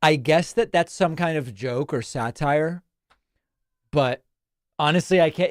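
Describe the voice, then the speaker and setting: A man's voice: fairly high pitch, measured pace, no echo, studio quality. A male host from Argentina, chatting wryly on a livestream and reading out viewer messages. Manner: wry, chatty, animated asides.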